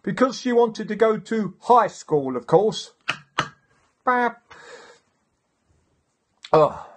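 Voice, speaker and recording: A fussy, exasperated schoolteacher, put on by a man for a comedy sketch. He talks in a slow, drawn-out way, bossing the class and breaking into sudden shouts. The voice sits a touch higher than usual. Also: expressive, full character voice. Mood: deliberate. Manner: bossy, fussing, slow deliberate delivery with sudden shouts. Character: fussy, exasperated male schoolteacher running an exam.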